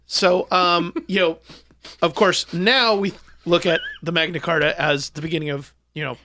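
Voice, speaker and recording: Bright, deadpan mock-historian man. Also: a little high, normal speed, slight background noise. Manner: deadpan, mock-scholarly, many ums. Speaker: podcast co-host. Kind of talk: casual banter, tall-tale explanation.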